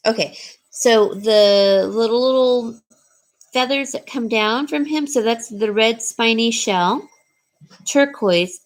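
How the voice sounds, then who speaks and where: A woman casually showing and describing jewelry for sale, rambling with frequent ums and restarts. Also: on the high side. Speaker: jewelry seller. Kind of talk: casual jewelry showcase talk.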